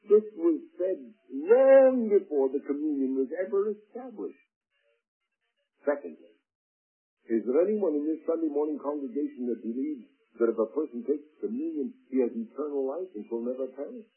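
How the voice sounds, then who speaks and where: A man preaching a Sunday sermon, his voice husky and full of lively swings in pitch. He reads scripture slowly and then presses each point with growing emphasis. It comes through a narrow, phone-like old radio broadcast.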